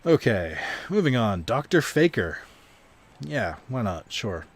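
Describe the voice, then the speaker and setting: A man's voice: mid-range voice, very animated, slow pace, breathy edge. A young man casually commenting on a card video game stream, rambling and self-deprecating, swearing now and then.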